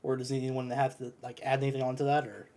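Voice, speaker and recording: Guy cohosting, tossing questions around, mid pitch. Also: completely flat delivery, fast talker, a little mellow. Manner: moderating, asks the others questions. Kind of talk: casual podcast hosting.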